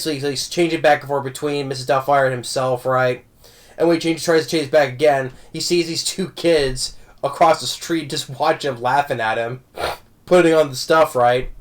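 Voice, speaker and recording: Man, casual film review, slightly high voice, rambling, restarts, fond of the movie. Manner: rambling, with many restarts and "right?" tags; warm, amused fan talk.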